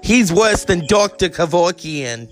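Man doing tough-talking brash woman, crude, aggressive, lowered voice. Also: expressive, unhurried, faint music behind.

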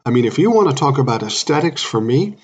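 A man's voice: medium pitch, sing-song, quick pace, husky. A man in his sixties hosting a solo podcast, talking bluntly and irritably, swearing often. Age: 60s. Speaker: podcast host.

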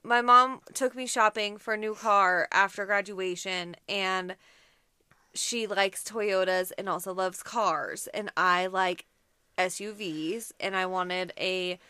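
A woman's voice: medium pitch, steady tone, slow, bright, forceful tone, clear, resonant tone, dry recording. A woman co-hosting a casual chat, making dry, self-deprecating asides. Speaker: podcast co-host.

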